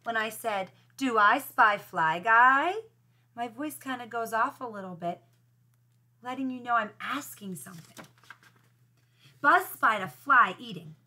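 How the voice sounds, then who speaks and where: A woman's voice: fairly high pitch, measured pace, long pauses, pushed and bright. A woman first grade teacher reading a picture book aloud to children, patiently explaining how to read it with expression.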